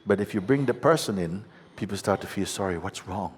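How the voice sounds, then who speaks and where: Very deep-voiced male spiritual teacher. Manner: gentle, unhurried, laughs often. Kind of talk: satsang teaching. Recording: long hall reverb with faint ambience.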